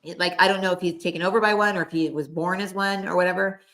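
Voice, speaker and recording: Rambling woman medium, slightly low voice. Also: fairly even intonation, quick pace, fairly bright tone. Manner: rambling, filler-heavy, relays spirit quotes. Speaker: co-host, psychic medium. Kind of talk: casual chat, channeling messages.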